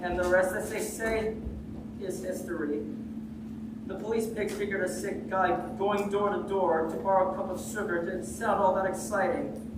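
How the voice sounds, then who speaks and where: A woman's voice: medium pitch, fairly even intonation, moderate pace, background noise, close to an everyday voice. A woman playing a sniffling wolf pleading his case. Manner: sing-song rhyming storytelling, breaks into song. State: stuffy with a cold, sneezing. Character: sniffling male wolf defendant telling his side. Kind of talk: high school stage musical. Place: school stage. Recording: echoey auditorium from far off, loud music.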